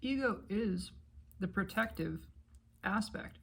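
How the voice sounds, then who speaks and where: A woman's voice: mid-range voice, animated, takes it slowly, gravelly, slightly rough. A woman talking through spiritual ideas in a meandering, thoughtful monologue, eating breakfast and talking with her mouth full. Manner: meandering, thoughtful, casual swearing. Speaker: spiritual vlogger. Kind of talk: rambling reflective monologue.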